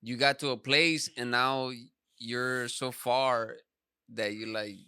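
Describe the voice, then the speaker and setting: Man, podcast host, gravelly fry, bright edge, dry close sound, slangy and swears a lot. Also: mid-range voice, fairly even intonation, takes it slowly, no echo. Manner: slangy, swears freely, filler-heavy. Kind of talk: casual podcast chat.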